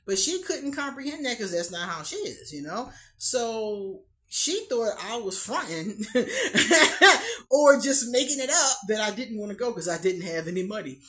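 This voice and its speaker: Woman host, casual talk, animated pitch, frequent laughs. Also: moderate pace, few pauses. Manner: laughs often, animated storytelling. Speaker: astrology channel host. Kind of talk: casual chat to camera.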